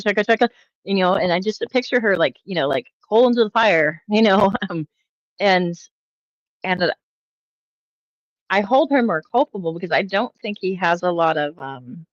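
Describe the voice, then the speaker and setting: Low-voiced woman, rambling exasperated commentary. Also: no echo, dull audio. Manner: rambling, frequent um and uh fillers; exasperated, critical. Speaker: commentary channel host. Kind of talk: casual reaction commentary.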